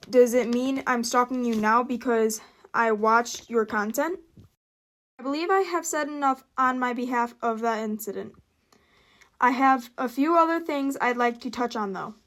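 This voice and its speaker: A woman's voice: a little high, unhurried, fairly bright tone. A teenage girl reading a prepared statement to camera, often stumbling and restarting her lines with flustered asides. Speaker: vlogger.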